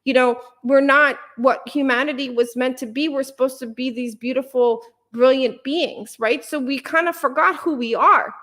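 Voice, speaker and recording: A woman's voice: sits high, normal speed, few pauses, a bit bright. A woman guest on a podcast, speaking earnestly and passionately, with many fillers and restarts. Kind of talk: conversational interview.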